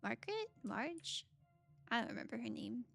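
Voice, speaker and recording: Woman streamer, high voice with vocal fry, unhurried casual chat, faint music behind. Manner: chatty, reads chat aloud, bursts into excited greetings. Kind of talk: casual live-stream chat while gaming.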